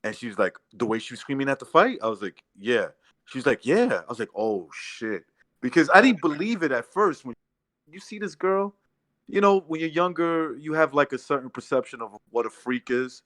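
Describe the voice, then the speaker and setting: A man's voice: medium pitch, expressive, normal speed, dry recording. A man, co-hosting a podcast and telling a long, laughing anecdote about his ex-wife. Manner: laughing anecdotes with loud mimicry. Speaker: podcast co-host. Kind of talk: casual storytelling chat.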